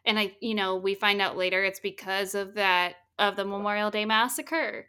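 A woman casually retelling a film's plot as a podcast co-host, lively and swearing freely. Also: mid-range voice, normal speed, smooth. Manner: animated storytelling, swears freely. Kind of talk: casual chat recapping a film.

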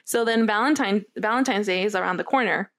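A woman's voice: medium pitch, brisk, noisy background. A young woman co-hosting a casual chat, telling a long story in a rambling way with many fillers and quoted lines. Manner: rambling, filler-heavy, quotes others a lot. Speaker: podcast co-host.

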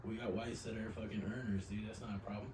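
A man's voice: fairly low pitch, level tone, quick pace, darkish tone, recorded from a distance. A man chatting loosely on a podcast, trailing off into long, swear-filled anecdotes. He sits back from the mic in a roomy space, with a faint hum of noise behind him. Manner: profane, rambling storyteller. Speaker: podcast co-host. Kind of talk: casual chat.

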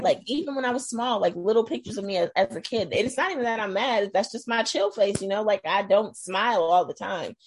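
A woman's voice: mid-range voice, quick pace, few pauses, crowd noise. A middle-aged woman from Iowa talking casually about her life, chatty and given to laughing, sometimes trailing off into doubt. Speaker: guest sharing her experience. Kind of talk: casual conversation.

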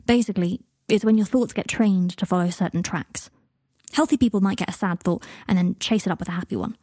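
Casual, blunt young wizard, mellow and dry, voiced by a woman. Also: mid-range voice, brisk, dry recording, natural voice. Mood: explaining. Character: young adult male wizard, blunt and matter-of-fact.

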